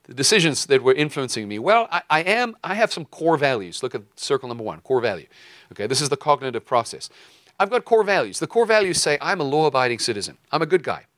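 A man giving a conversational teaching sermon in a lively way, breaking into quoted voices and jokey asides. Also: on the high side, fast, dry recording, studio quality. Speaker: preacher teaching a lesson.

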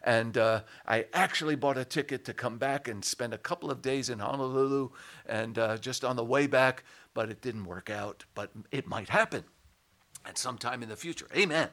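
An older man preaching a sermon in an animated way, rising to loud, emphatic shouts on key words. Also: medium pitch, moderate pace. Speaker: pastor.

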